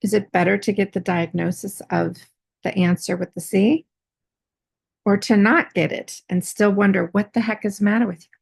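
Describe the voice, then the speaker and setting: A woman's voice: medium pitch, fairly even intonation, normal speed, vocal fry, breathy edge, no echo. A woman in her forties, out of breath, telling a personal story in a rambling way, full of fillers and restarts. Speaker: artist vlogger.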